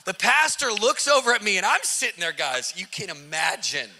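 A man recounts a testimony in a lively, emphatic storytelling style. His voice sits high and comes out very forceful and sharp. He repeats phrases for effect and slips into casual slang. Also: normal speed. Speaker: Christian activist telling a testimony.

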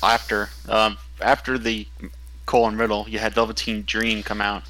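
A man speaking casually as a podcast guest. He has a bright, forward voice. He asks questions and gushes like an eager fan. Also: on the low side, monotone, moderate pace, rough recording.

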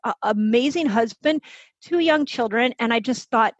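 A woman in her fifties with a fairly high voice shares her story as an interview guest, animated and chatty. The recording is dry, with a slightly dull, muffled tone. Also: no echo. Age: 50s. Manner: animated, quick to act out quoted voices. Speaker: guest, health expert. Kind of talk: conversational storytelling.

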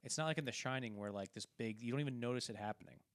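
A podcast co-host talks through a film in a casual, rambling way, acting out quoted lines as he retells the scenes. His medium-pitched voice races along, and the recording is clean studio sound with no echo.

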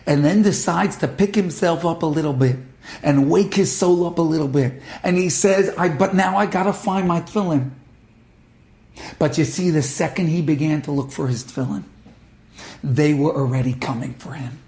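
A man giving a storytelling sermon as a religious teacher, dramatic, dropping to hushed tones and rising to impassioned peaks. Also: fairly high pitch, normal speed.

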